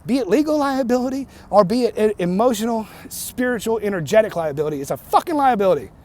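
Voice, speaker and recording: Male vlogger, higher-pitched voice, heated profane rant to camera, talks in bursts and restarts; good for an opinion-piece video. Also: animated, fast talker, a little mellow.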